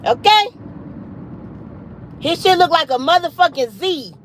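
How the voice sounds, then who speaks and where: A woman in her late thirties telling a story on a livestream in an animated, emphatic, foul-mouthed way. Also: extremely high pitch, a little slow, a little hiss or hum, low-quality recording. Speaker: livestream host.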